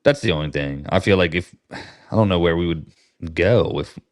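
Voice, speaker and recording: A man's voice: deep voice, normal speed, no echo, studio quality. An American man co-hosting a casual podcast, a tradesman who runs a business and talks bluntly with slang and swearing. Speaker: podcast co-host, HVAC business owner. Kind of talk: casual chat.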